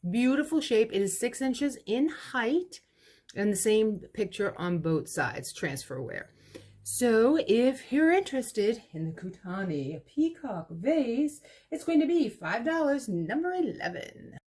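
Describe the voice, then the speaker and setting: A woman in a relaxed, chatty sale patter, presenting vintage pieces one by one. She talks about them with easy affection, calling them cute little babies. Each pitch ends briskly with a price and a lot number. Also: husky. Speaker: vintage shop owner running an online clearance sale. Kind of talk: casual live sale item presentation.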